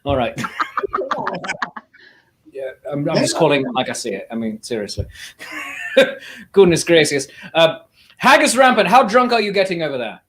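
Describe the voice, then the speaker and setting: Lively, playful online event host. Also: mid-range voice, normal speed, long pauses. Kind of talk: casual chat hosting an online festival.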